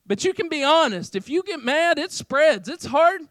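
High-voiced pastor preaching casually. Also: male voice, normal speed, dry recording. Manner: casual, conversational preaching with filler "like"; animated, swings between loud emphasis and quiet asides. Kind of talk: sermon.

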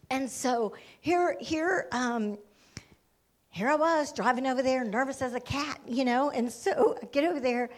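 A woman missionary telling her personal testimony in an animated way, often exclaiming praise. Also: on the high side.

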